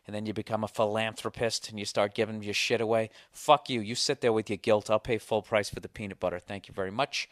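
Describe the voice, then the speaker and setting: Man ranting on his podcast, smooth voice, dry close mic, profane and sardonic. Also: lowish voice, no room sound. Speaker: podcast host. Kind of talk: casual ranting monologue, reading listener mail.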